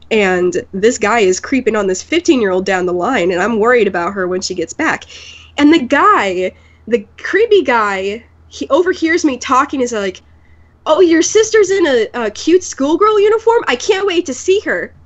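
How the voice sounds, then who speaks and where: A young woman, a podcast guest, telling an animated story and mimicking the people in it. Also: medium pitch, dull audio. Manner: animated, mimics voices in anecdotes. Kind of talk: casual storytelling.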